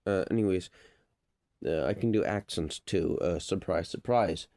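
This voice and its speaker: A man's voice: low voice, unhurried, darkish tone, no room sound, clean studio sound. A man talking in a rambling, playful monologue, full of fillers and trying out silly mock accents. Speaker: vlogger.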